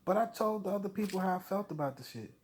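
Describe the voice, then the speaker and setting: A man's voice: sits high, lively intonation, quick pace. A man venting in a heated, profane rant to camera, blunt and full of swearing. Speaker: vlogger.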